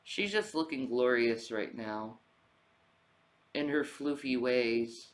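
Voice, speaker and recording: A man streaming from home in a relaxed, unhurried way, his voice sitting at an ordinary middle pitch. He chats casually with viewers and keeps drifting into soft, cooing baby talk aimed at his pet cat. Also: low-quality recording. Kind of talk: casual livestream chat.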